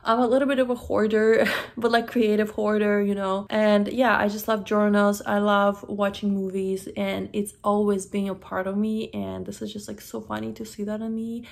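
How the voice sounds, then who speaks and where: A woman in her thirties vlogging from home in a candid, reflective chat, with many fillers and soft laughs. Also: medium pitch, flat delivery, moderate pace, vocal fry. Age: 30s. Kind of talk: casual reflective vlog chat. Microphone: camera-mounted shotgun mic.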